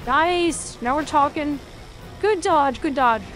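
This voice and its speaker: A young woman streaming a video game, reacting loudly, cursing and cheering at each moment of play. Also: high voice, slow pace, music in the background. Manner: excitable, swears a lot, reacts loudly to the game. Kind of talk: live gameplay commentary.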